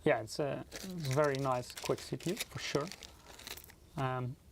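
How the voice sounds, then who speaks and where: A man's voice: mid-range voice, normal speed, creaky. Male stream co-host answering chat, playful and teasing, faint background hiss. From Europe. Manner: laughs often and teases his co-host. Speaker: livestream co-host reading chat questions. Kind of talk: casual livestream chat.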